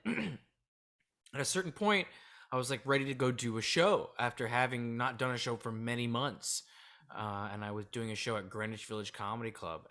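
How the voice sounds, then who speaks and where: Candid man telling a story, bright voice. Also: medium pitch. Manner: candid, drifting between laughing and subdued. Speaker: comedian guest. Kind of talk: casual storytelling in an interview.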